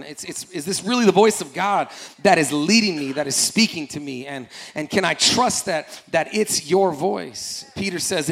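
Male pastor, fairly high voice, lively sermon delivery, acts out scripture characters. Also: gravelly. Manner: animated, acts out scripture voices, repeats phrases, calls congregation to respond. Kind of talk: energetic sermon.

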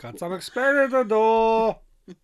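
A woman's voice: fairly high pitch, animated, slow, smooth. A woman in casual chat, chiming in with short, wry quips.

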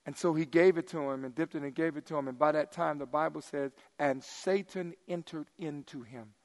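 A middle-aged male pastor preaching in a high-pitched, lively voice. He swings between loud, emphatic bursts and quiet, hushed asides. His sermon rings out with a long reverb, as in a church sanctuary. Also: brisk.

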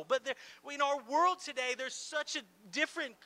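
Very high-voiced, sharp-toned male preacher. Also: fast talker, few pauses. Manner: animated and conversational, with playful asides and frequent "like" fillers. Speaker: pastor. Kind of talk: sermon. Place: church gathering in a large room.

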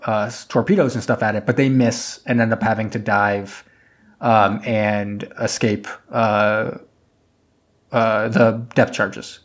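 A man in casual chat, recapping a film at length and acting out the characters with jumps in pitch. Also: flat delivery, slow. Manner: rambling retelling, acts out characters with pitch jumps. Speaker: podcast co-host.

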